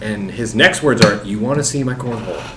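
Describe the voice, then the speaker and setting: A man's voice: mid-range voice, fairly quick, very noisy. A man from Missouri telling a story at a gaming table, swearing and laughing as he goes. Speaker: player. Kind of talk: casual chat at a gaming table. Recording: roomy echo, people chatting around.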